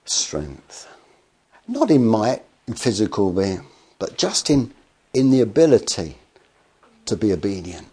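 A man's voice: lowish voice, very animated, measured pace, pauses often, mellow, slightly rough. A man preaching a sermon, telling stories with acted quotes and rhetorical questions.

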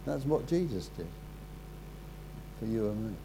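A man preaching a sermon, telling a story in a halting way, repeating words and dropping quiet at solemn moments. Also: lowish voice, very animated, vocal fry, background noise.

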